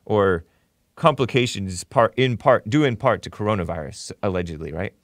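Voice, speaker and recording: A man's voice: on the low side, expressive, moderate pace, no echo. Guy hosting his own talk show, sarcastic commentary, laughs at stuff, dry studio sound. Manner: mocking, chuckles often while reading posts. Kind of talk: opinionated commentary.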